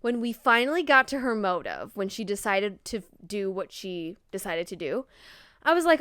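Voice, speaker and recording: A woman's voice: mid-range voice, sing-song, moderate pace, a bit bright, smooth, no room sound, clean studio sound. A young woman co-hosting a podcast, chatting casually and animatedly about a movie, laughing and swearing casually. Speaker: podcast co-host. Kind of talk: casual chat.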